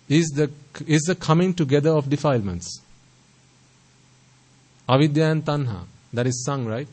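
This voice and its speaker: This Buddhist teacher speaks fairly quickly in a slightly high, somewhat mellow voice, and the recording quality is low. Through his sermon he asks listeners rhetorical questions, repeats phrases to stress points and pronounces words with careful emphasis.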